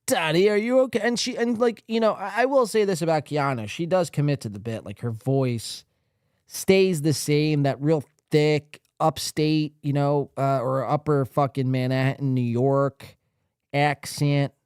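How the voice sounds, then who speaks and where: A man's voice: on the high side, a little slow, a little mellow, clean tone, no room sound, studio quality. A man hosting a podcast, commenting casually on clips in a crude, rambling way with plenty of swearing. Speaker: podcast host.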